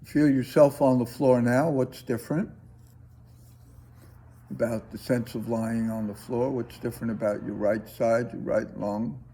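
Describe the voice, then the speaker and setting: A man teaching a breathing class, guiding students with slow, calm, coaxing instructions. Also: medium pitch, husky.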